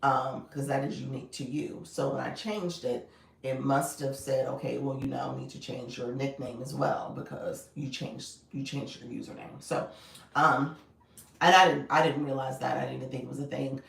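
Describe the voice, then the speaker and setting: A woman's voice: rumbling low, steady tone, normal speed, vocal fry, reverberant, far from the mic, poor audio. Female live coach, casual and friendly with viewers, sits back from the mic. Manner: chatty, greets viewers by name, laughs often. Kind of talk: casual livestream chat.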